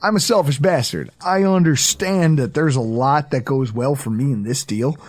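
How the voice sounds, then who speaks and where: A man hosting a podcast in casual banter, telling stories with jokes and mocking impressions. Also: moderate pace. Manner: animated, jokey storyteller with high mocking impressions. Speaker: podcast host.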